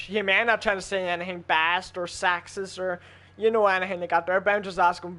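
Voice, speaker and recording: A man's voice: sits high, little pitch movement, fairly quick, pushed and bright. A man in a casual chat while gaming with friends, arguing heatedly and swearing a lot. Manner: heated, profane, argumentative.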